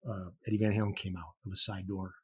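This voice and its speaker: A man from Chicago, a rock musician guest, telling an animated story full of casual swearing and restarts. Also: sits low, fast talker, husky. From Chicago, USA. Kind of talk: anecdotal storytelling.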